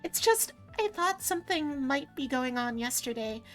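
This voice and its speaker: A woman voicing a bubbly, excitable young female deer furry in a visual novel, gushing and squealing with enthusiasm. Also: high voice, moderate pace, soft background music, pitched above the performer's own voice.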